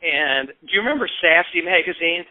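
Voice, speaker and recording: A man in his fifties from the American Midwest spins lively anecdotes as a talk show guest, slipping into the voices of the people he quotes. His voice sits a bit high for a man. It comes through thin and phone-like, with a dry, close sound and no room. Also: a little fast, no echo. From Peoria, Illinois, US. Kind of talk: casual storytelling interview.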